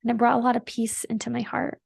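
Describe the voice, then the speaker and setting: A woman's voice: fairly high pitch, flat delivery, quick pace, gravelly, darkish tone, husky, no room sound. A woman hosting a podcast, telling a personal story in a chatty, earnest and emotional way, full of "like" fillers. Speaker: podcast host.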